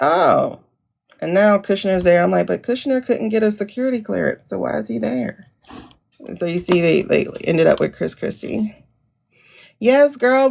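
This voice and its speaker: Gravelly, animated woman livestreaming. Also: on the high side. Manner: chatty, greets viewers by name, drawls "girl" and "child". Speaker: livestream host. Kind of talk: casual livestream chat. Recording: lo-fi downloaded livestream audio.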